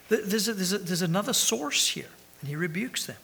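Male preacher, high husky voice, animated teaching sermon. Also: brisk. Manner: animated, rhetorical questions with many restarts.

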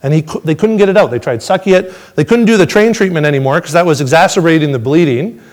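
A man telling his testimony to a congregation, swinging between excited storytelling and hushed, reflective moments. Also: a little high, fast talker. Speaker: father sharing a testimony.

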